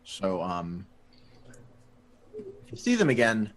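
A man voicing a cautious young male mobster who talks haltingly and restarts his sentences. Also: low-pitched, huge pitch swings, pitched below the performer's own voice, exaggerated voice. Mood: earnest. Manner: hesitant, halting, full of restarts.

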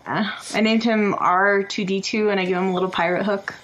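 A woman's voice: medium pitch, steady tone, a little fast, fairly bright tone, slight background noise, low-quality recording. A woman co-hosting a podcast in casual chat, laughing often and reading out comments from the chat. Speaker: podcast co-host.

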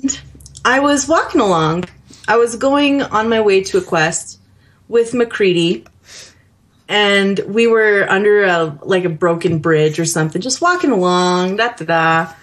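A woman co-hosting a casual podcast chat about a video game, animated and laughing often, acting out characters. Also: mid-range voice, measured pace. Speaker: podcast co-host.

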